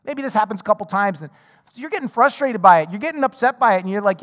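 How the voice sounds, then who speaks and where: A male pastor with a high-pitched voice preaches a sermon in a conversational way, often repeating a word as he restarts a thought. He plays out both sides of the conversations in his stories. His voice rings with the long reverb of a large hall. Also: very animated, fast, a bit bright. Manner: acts out both sides of dialogues in his illustrations.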